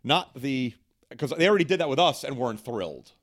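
A man's voice: medium pitch, animated, a little fast. Rambling middle-aged man, jokey guest. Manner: rambling with many fillers, jokey. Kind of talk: casual chat.

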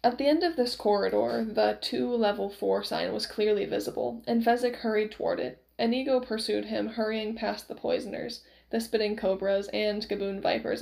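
Expressive woman reader for a novel, a touch high, gravelly texture. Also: rough recording. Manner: expressive storytelling. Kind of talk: reading a novel aloud.

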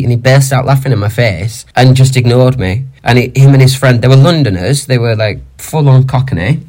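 Male co-host, mid-pitched, indignant and sweary. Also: fairly quick, hardly any pauses, a little mellow. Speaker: podcast co-host. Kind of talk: casual chat rant.

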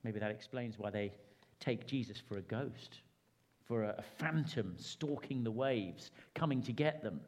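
A man preaching a sermon, with dramatic rises and hushed drops. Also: fairly low pitch, measured pace.

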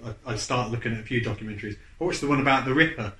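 A man's voice: medium pitch, a bit bright. Chatty man in an echoey room. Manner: rambling, halting with restarts and fillers. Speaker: podcast co-host. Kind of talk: casual chat.

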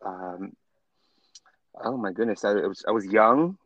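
A man's voice: on the low side, a little slow, a bit bright, no room sound, muffled recording. A man chatting as a podcast guest, campy and drawling, dropping "darling" often. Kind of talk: casual chat.

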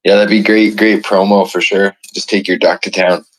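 Podcast host, male, low-pitched, relaxed chatty replies. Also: moderate pace, poor audio. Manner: easygoing, short agreeing replies. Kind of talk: casual chat.

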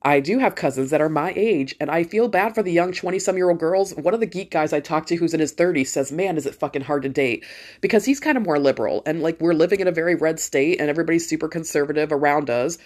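A woman's voice: sits low, fast, darkish tone. Woman, middle-aged, podcast host, blunt, swears, rambling casual monologue.

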